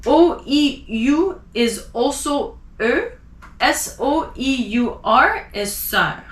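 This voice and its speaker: A woman teaching a language lesson, spelling out letters and slowly repeating example words. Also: sits high, animated, reverberant. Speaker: French teacher.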